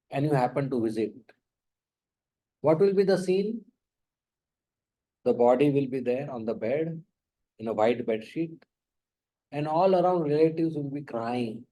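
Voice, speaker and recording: A man giving a spiritual talk, slow and emphatic, often questioning his audience. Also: a little high, lively intonation, mellow, rough recording. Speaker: spiritual lecturer. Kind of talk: sermon.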